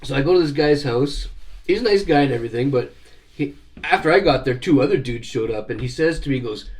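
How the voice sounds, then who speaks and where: A middle-aged man telling stories casually on a vlog, cursing freely and growing animated. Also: medium pitch, brisk. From Canada. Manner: profane, animated storyteller. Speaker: vlogger. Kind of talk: casual storytelling.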